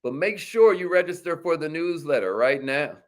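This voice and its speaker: A man hosting a motivational livestream, hyping viewers with repeated call-and-response lines and shout-outs to viewers. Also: a little high, moderate pace. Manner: energetic, repetitive call-and-response hype with "y'all".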